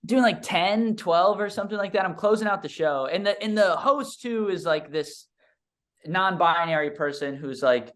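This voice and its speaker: A man's voice: fairly high pitch, expressive, moderate pace, a bit bright. A young man, a stand-up comedian, telling a story in a casual, rambling, self-deprecating way with lots of fillers. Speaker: stand-up comedian and podcast guest.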